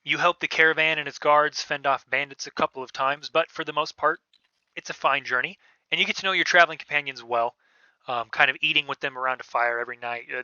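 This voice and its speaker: A man narrating a tabletop game as game master, in a casual, halting way with many fillers. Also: medium pitch, sharp tone, clear, resonant tone, no echo. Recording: dull, lo-fi podcast audio.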